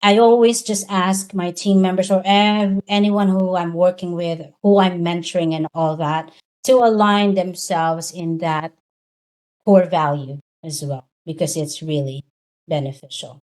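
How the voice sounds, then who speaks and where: A woman's voice: lowish voice, measured pace, darkish tone. Earnest woman giving a motivational talk. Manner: direct, earnest, asks many rhetorical questions. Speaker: speaker coaching virtual professionals.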